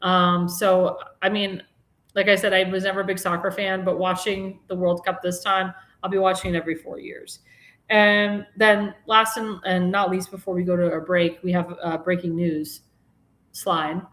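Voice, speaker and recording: A woman's voice: lowish voice, level tone, moderate pace, a bit bright, roomy sound. A woman hosting a live political talk show, chatting in a rambling way with many restarts and fillers, and turning mocking and indignant about politics. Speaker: host.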